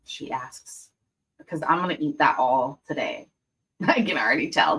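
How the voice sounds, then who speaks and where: Slow, lively-voiced woman tasting candy. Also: extremely low pitch. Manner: chatty, giggly, savoring food aloud. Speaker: livestream host reacting to court videos. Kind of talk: casual livestream chat while tasting candy.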